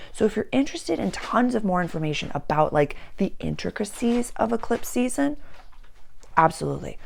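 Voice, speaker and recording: A woman astrologer and channeler in casual spiritual talk, earnest, slowing down and repeating words for emphasis. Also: sits low, vocal fry, darkish tone, slight background noise.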